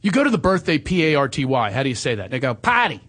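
A man from the US East Coast hosting a radio show, joking around in studio chat and slipping into quick comic voices. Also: medium pitch. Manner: animated, jokey, slips into quick voices.

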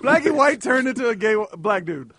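A man hosting a comedy podcast in casual chat, animated and excitable, quick to laugh. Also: extremely high pitch, no room sound, studio quality. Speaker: podcast host.

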